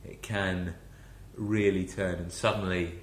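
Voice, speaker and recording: A man's voice: low-pitched, steady tone, a little slow, roomy sound, a little hiss or hum. An English man hosting a casual chat, rambling with many restarts. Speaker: podcast host.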